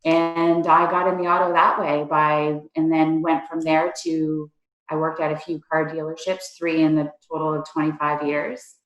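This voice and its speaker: A woman's voice: low voice, little pitch movement, moderate pace, highs cut off, faint music behind. A woman in her forties, a district manager and trainer, talking casually in a rambling way with many fillers. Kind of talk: casual interview chat. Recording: echoey room.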